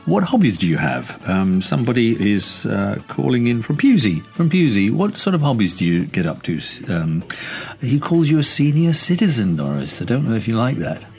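A man's voice: medium pitch, big pitch swings, moderate pace, vocal fry, a little mellow, faint music behind. A man hosting a comic phone-in sketch, teasing his caller with laughs. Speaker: radio-style host.

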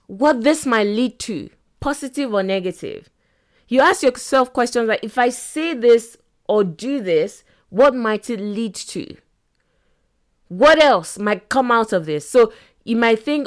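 A middle-aged woman with a slightly high voice hosts a self-help podcast. She talks in an animated way, acting out small quoted scenes and laughing as she goes. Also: slow pace. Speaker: podcast host.

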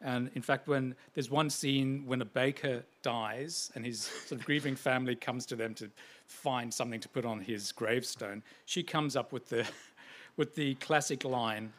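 A man interviewing an author, talking in a measured, chatty way. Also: mid-range voice, fairly even intonation, a bit bright. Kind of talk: conversational interview.

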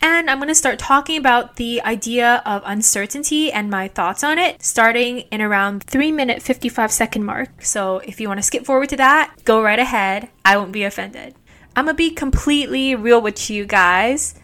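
A woman's voice: a little high, moderate pace, pushed and bright. A young woman hosting her own podcast, talking candidly and casually, laughing often and using lots of fillers. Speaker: podcast host. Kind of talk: casual solo podcast monologue. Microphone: podcast microphone.

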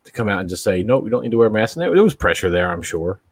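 A man in casual chat, talking in a measured, polite way. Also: lowish voice, sing-song, breathy edge, dry recording.

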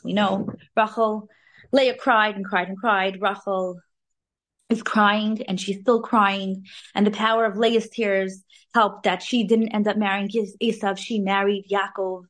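A woman giving an informal, animated weekly Torah talk, sprinkling in Hebrew terms. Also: medium pitch, a little slow. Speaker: Torah class speaker.

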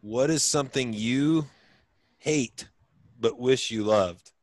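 A man's voice: medium pitch, slow, no echo. A man co-hosting a casual podcast chat, rambling with fillers and hesitations. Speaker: podcast co-host.

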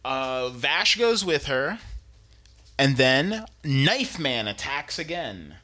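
Lively guy retelling a show, voice bounces all over, bright and sharp. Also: mid-range voice, slow. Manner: animated, acts out characters with lots of swearing and laughter. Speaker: podcast co-host. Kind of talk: casual recap chat.

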